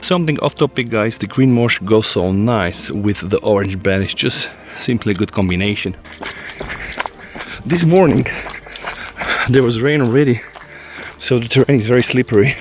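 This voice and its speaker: A man's voice: medium pitch, expressive, moderate pace, slight background noise. Panting man reviewing gear on a hike. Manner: chatty, addresses viewers as guys. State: out of breath from fast walking. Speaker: tech reviewer. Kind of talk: casual walk-and-talk review. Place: outdoors on a forest trail.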